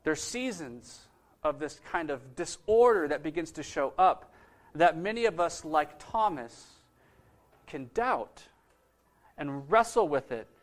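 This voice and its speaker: Here the preacher speaks slowly but with animation, his voice a little high. He keeps the sermon conversational, posing questions to the congregation.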